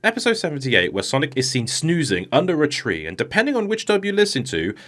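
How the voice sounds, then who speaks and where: Animated man doing sweary comedic commentary. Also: a little high, quick pace. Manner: animated, swearing, mocking, acts out quoted lines. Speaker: YouTube commentator.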